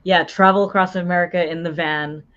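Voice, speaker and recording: A woman guest streamer giving short, low-key answers in casual chat. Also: fairly even intonation, fairly quick, fairly bright tone, muffled recording.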